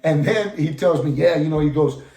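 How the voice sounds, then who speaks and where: A man from California tells a story in heavy street slang and plenty of swearing, acting out the people in it and checking in with the listener again and again. His voice sits a little high for a man. The room around him rings with echo. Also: a little fast, dark tone, a little hiss or hum. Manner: profane street slang, constant "you know what I'm saying"; acts out quoted dialogue. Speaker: podcast guest. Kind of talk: casual storytelling. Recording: roomy echo.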